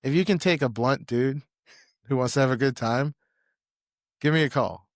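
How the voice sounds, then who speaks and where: A blunt young man chatting as a podcast guest, his voice at an ordinary pitch. He rambles and swears freely, and the recording sounds close and dry, with no room around it. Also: moderate pace, dry recording. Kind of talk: casual chat.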